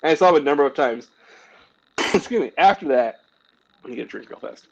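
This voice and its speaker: A man's voice: fairly high pitch, a little fast, slightly rough. Chatty man telling anecdotes, slightly muffled audio. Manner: animated anecdotes with lots of "like" and acted-out quotes; self-deprecating, frequent laughs and small coughs. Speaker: comic book artist, guest. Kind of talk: casual interview storytelling.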